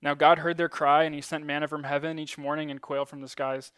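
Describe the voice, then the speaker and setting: A man gives a relaxed, conversational sermon, leaning on ums and small jokes at his own expense. His voice sits a little higher than most men's and comes across smooth and resonant. The sound is close and dry, with little room echo. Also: a little fast. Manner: conversational, many ums, self-deprecating asides. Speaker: preacher. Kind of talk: casual sermon teaching.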